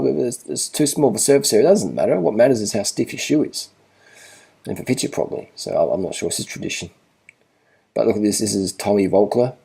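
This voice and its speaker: A man's voice: sits low, gravelly, warm tone, husky. A man gives casual commentary over race footage in a blunt, profane way, repeating himself for emphasis. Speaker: cycling vlogger.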